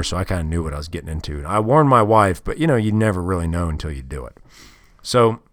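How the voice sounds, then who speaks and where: Tired, deep-voiced man rambling on a podcast. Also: no room sound, studio quality. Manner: rambling, frank, self-deprecating, with crude words. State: tired, yawning. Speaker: podcast host. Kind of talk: casual solo podcast storytelling.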